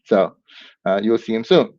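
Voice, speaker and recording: A man hosting a live stream, whooping and greeting viewers by name with lots of excitement. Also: lowish voice, normal speed, no room sound. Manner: hyped, whooping, warm greetings to chat. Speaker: livestream host. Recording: dull lo-fi stream audio.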